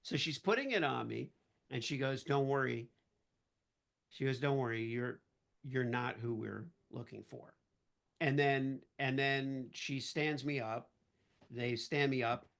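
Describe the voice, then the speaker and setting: A man guest on a podcast, telling a casual anecdote in an animated way and acting out the voices of the people in it. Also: mid-range voice, moderate pace. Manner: animated storyteller who acts out quoted voices.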